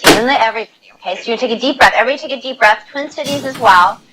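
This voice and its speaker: Energetic woman lecturing a class. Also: on the high side, racing, over a noisy crowd, low-quality recording. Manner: energetic, coaxing, leads group exercises. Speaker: nursing instructor. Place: lecture hall. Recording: loud background noise.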